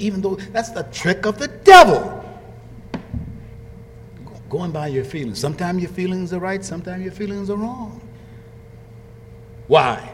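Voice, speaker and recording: Male preacher, high bright voice, swings from hushed lows to shouted highs, quotes in voices; church hall echo. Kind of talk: animated sermon. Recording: long hall reverb.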